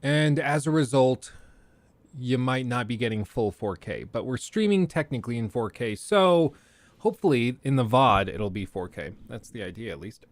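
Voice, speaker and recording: A man's voice: medium pitch, expressive, moderate pace, dry recording. Brief: male streamer, casual chat, dry close sound, trips over words. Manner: chatty, self-deprecating, trips over his words. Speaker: streamer and host.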